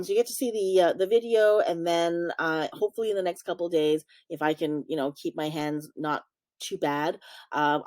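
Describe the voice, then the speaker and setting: A woman vlogger speaking in a somewhat low voice, recorded dry and close with no room sound. She comes across as apologetic and halting, leaning on fillers as she goes. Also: a little mellow, dry recording. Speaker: vlog host. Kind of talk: casual vlog intro.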